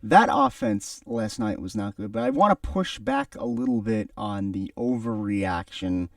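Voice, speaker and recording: A man's voice: lowish voice, lively intonation, normal speed, no echo, clean studio sound, distant mic. A young man co-hosting a sports radio show, giving emphatic, opinionated analysis.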